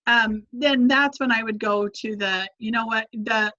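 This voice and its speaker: Woman parenting instructor, bright and high, chatty with restarts; muffled lo-fi sound. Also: steady tone, measured pace. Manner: conversational, many restarts, models phrases to say to kids. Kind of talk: advice in a live Q&A.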